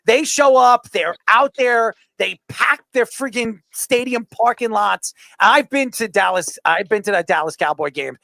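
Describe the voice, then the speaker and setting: Argumentative male co-host, gravelly and high-voiced, dismissive in debate. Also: unhurried, hardly any pauses, pushed and bright, no echo. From New York. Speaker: podcast co-host. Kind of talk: casual sports debate.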